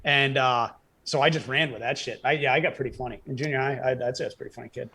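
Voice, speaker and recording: A male stand-up comedian telling stories from his youth as a guest in a casual chat, quick and jokey. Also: medium pitch, fairly even intonation, bright, forceful tone, slightly rough. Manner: rapid joke-telling, acting out dialogue.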